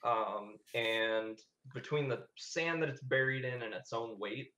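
Man running a tabletop game, laid back, middle pitch, voice echoes in the room. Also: measured pace. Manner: easygoing, steady, lots of fillers. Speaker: game master. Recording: roomy echo.

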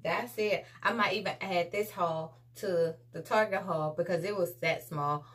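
A woman's voice: fairly low pitch, unhurried. A woman, chatting casually to viewers in a laid-back home haul vlog. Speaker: vlogger.

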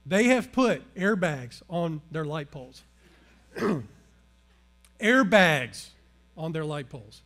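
A man preaching a sermon. He swings between loud emphasis and hushed, earnest passages. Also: fairly high pitch, animated, normal speed, few pauses. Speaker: pastor.

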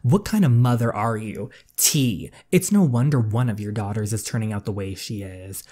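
A man's voice: normal speed, close to an everyday voice. A man voicing a fed-up, defiant teenage girl in a story game, speaking sharply in a raised voice. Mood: angry. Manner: raised pitch, sharp and exasperated. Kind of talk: reading a story game aloud.

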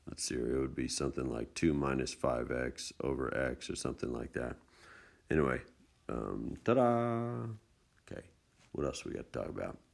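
A man with a very deep, gravelly voice talks through math homework in a relaxed screencast lesson. He explains each step casually, with chatty, folksy asides. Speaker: math teacher. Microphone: tablet screencast mic.

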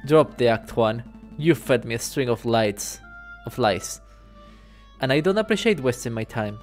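A man playing a stern, forceful falcon attorney. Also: medium pitch, very animated, faint music behind, close to an everyday voice. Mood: indignant. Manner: brisk, forceful, indignant.

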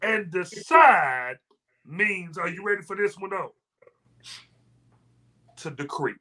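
A man co-hosting a sermon talk, urging it on with energetic call-and-response and whoops. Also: sits high, slow. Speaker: co-host.

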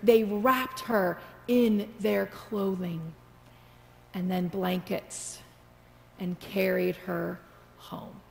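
Woman, pastor, storytelling sermon, gravelly edge, reverberant sanctuary. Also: mid-range voice, steady tone, drawn-out words, darkish tone, a little hiss or hum. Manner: storytelling preacher, builds to prayer. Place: church sanctuary.

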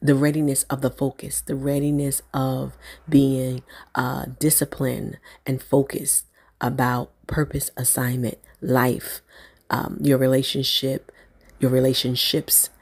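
A woman shares spiritual encouragement in a loose, prayerful ramble, often circling back and restarting her thoughts. Her voice sits low, and she takes her time. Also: little pitch movement, measured pace, darkish tone, slightly rough. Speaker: online prophetic encourager. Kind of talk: spontaneous spiritual encouragement vlog.

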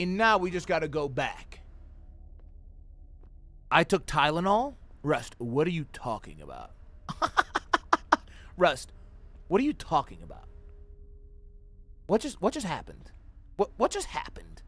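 A young gaming streamer with a voice on the high side gives livestream commentary on a horror game. He reacts loudly and excitably, swearing, shouting suddenly, trash-talking and joking with his chat.

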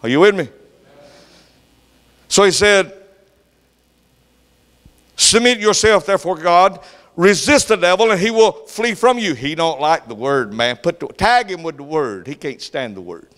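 An older man preaching a sermon as pastor, swinging from loud, fervent delivery to soft whispers. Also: high-pitched, lively intonation, a little slow, long pauses, big-room sound.

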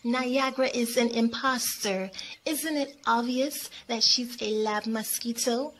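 A woman's voice: mid-range voice, slow, a little hiss or hum. A woman doing a bossy, snippy girl mosquito. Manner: snippy, shouting with attitude. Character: bossy mean young female mosquito.

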